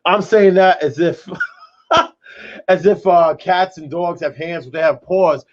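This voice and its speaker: Man, co-host, casual chat, animated, rambling, fairly high voice, dull lo-fi sound. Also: takes it slowly. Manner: animated, peppered with "though" and "brother".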